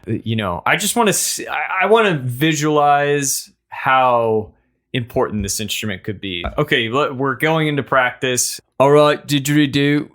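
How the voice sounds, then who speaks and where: Deadpan, mock-serious man co-host. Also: medium pitch, unhurried. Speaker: podcast co-host. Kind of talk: casual comedic chat.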